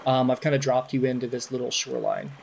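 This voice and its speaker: A man running a tabletop game as game master, narrating in a relaxed, chatty way. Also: mid-range voice, quick pace, creaky, a little hiss or hum.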